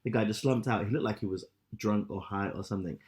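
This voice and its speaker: A man in his thirties co-hosting a podcast, telling stories with lots of swearing and loud acted-out quotes. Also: fairly low pitch, quick pace. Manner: animated storyteller, swears a lot, acts out quotes loudly. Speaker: podcast co-host. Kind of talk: casual chat.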